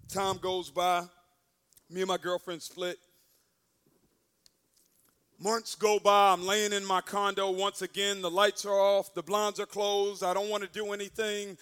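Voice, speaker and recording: A young adult man, a guest speaker, telling a personal story as a sermon and acting out the quoted lines with sudden loud bursts. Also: high voice, little pitch movement, unhurried, long pauses, clean tone.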